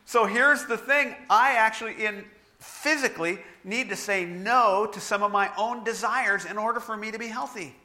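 A man's voice: high-pitched, moderate pace, pushed and bright. A middle-aged man preaching a sermon, telling stories with self-deprecating humor. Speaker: pastor.

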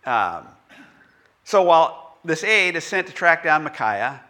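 Bright-voiced animated male preacher. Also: fairly high pitch, unhurried. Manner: animated, conversational, puts on voices. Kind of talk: sermon with scripture reading.

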